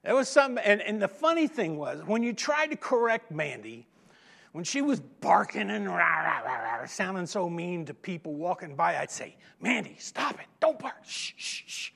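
A middle-aged man preaching a sermon, telling humorous stories with dramatic pauses and emphatic repetition. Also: sits high, big pitch swings, creaky, a bit bright. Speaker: pastor.

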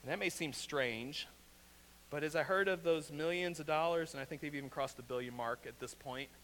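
A man with a Southwest Missouri accent preaching a sermon as pastor, earnest, often repeating a question and dropping to a quiet, pressing tone. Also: a little high, a little fast. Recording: reverberant hall, faint hum.

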